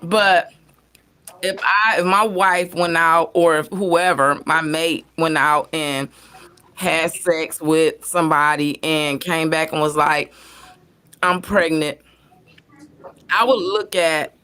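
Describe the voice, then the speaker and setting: A woman's voice: low voice, steady tone, takes it slowly, pushed and bright, smooth. A woman hosting a casual panel talk, rambling with many fillers and restarts.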